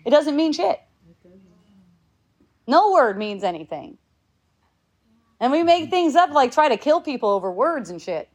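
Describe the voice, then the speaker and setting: A woman's voice: sits high, sing-song, unhurried, long pauses. A woman in her fifties talking casually to a group, rambling with restarts, swearing freely and laughing often. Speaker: speaker in a group talk.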